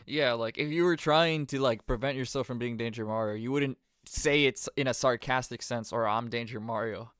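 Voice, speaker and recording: A man's voice: mid-range voice, normal speed, few pauses, a bit bright, clear, resonant tone. A young man hosting a live stream, chatting casually and slangily with guests on a call. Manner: casual, slangy, trails off with fillers.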